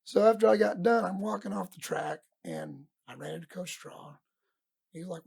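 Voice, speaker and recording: Middle-aged coach guy, gravelly husky voice, tells stories and does his coaches' lines. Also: high-pitched, normal speed. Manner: animated storyteller acting out his coaches' lines. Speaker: podcast guest, wrestling coach. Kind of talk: storytelling in casual interview.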